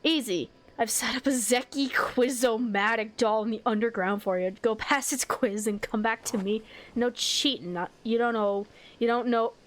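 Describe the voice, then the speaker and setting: A woman reading aloud for a sly male underground market dealer in a game, in a slightly lowered, businesslike tone. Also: normal speed, natural voice. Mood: scheming.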